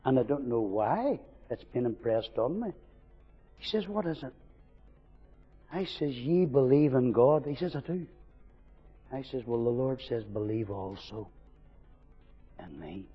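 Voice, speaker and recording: Fervent preacher in a hall. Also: male voice, mid-range voice, lively intonation, normal speed, husky, soft background music. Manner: swings from loud fervent preaching to hushed intimate storytelling. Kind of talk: sermon. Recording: dull recording with long hall reverb.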